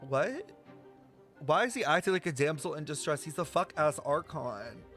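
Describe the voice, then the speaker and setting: A man reacts to a video game story in an excitable, swearing, chatty way. His voice sits high and swings widely. Faint game music plays underneath. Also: moderate pace. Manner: excitable, profane, laughing. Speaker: streamer.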